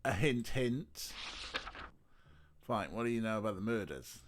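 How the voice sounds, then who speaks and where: A man's voice: on the low side, animated, unhurried, a little hiss or hum. Rambling man streaming a game. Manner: rambling, filler-heavy musing. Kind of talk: casual let's-play commentary.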